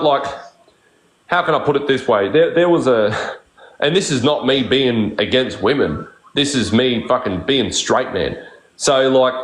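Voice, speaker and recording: A man's voice: fairly low pitch, reverberant, poor audio. A man with an Australian accent ranting on a live stream, crude and defensive, swearing constantly. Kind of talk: heated live-stream rant.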